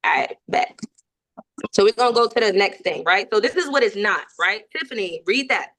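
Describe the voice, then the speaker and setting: A woman's voice: medium pitch, lively intonation, normal speed, a bit bright. A woman running a sales team training, talking energetically and checking in with frequent tag questions.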